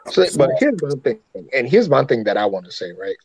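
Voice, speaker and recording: A man's voice: mid-range voice, very animated, brisk, a little mellow. A man from Africa co-hosting a podcast, talking in blunt, profane, opinionated casual chat. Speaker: podcast co-host. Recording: muffled with faint noise.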